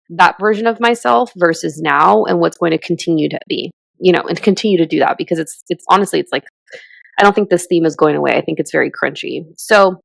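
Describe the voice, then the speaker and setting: A woman's voice: lowish voice, vocal fry, fairly bright tone, no echo. A woman in her thirties co-hosting a podcast, talking in a rambling, reflective way full of fillers. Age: 30s. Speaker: podcast co-host. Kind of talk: casual chat.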